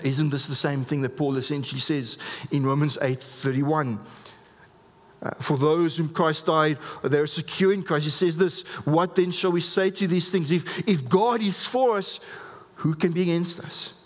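Male pastor, earnest emphatic preacher, somewhat high voice, long hall reverb. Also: fairly even intonation, moderate pace. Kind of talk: sermon.

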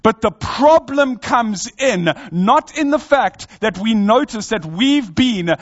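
A man's voice: very high-pitched, expressive, slow pace, lo-fi sound. A man in his thirties, a pastor giving an earnest, conversational sermon and telling a family story. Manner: earnest, conversational preaching with personal stories.

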